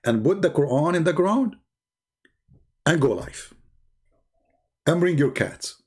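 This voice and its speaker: A man's voice: on the high side, expressive, slow pace, breathy edge. A man hosting a live stream, talking in sarcastic, mocking rants in non-native English and arguing as if he were his opponents.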